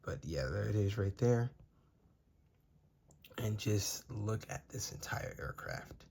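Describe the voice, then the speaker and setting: A man's voice: lowish voice, animated, takes it slowly, vocal fry, a little mellow, breathy edge. A young man gushing over model airplanes as he unboxes and reviews them, in a casual, rambling way. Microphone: phone.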